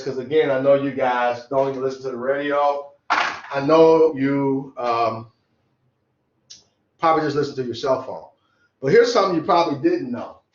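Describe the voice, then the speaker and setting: A man teaching an electronics class, explaining things loosely and conversationally while he draws. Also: a little high. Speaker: electronics instructor. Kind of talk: casual classroom lecture. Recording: roomy, dull lo-fi classroom sound.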